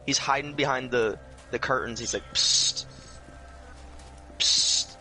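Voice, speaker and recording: Bright-voiced young man, rambling chat. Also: mid-range voice, brisk, faint music behind. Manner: rambling, retells sketches with filler and stammers. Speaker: co-host. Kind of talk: casual gaming commentary chat.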